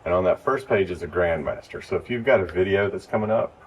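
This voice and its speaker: Deep-voiced man teaching from across the room. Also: fast talker. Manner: relaxed, explains step by step. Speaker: lighting instructor. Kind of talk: casual hands-on training. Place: church. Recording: distant mic with faint noise.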